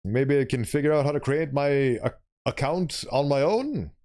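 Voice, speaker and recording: A man's voice: mid-range voice, expressive, normal speed, darkish tone. A young man streaming, reading a visual novel aloud and rambling through commentary with chuckling, self-interrupting asides.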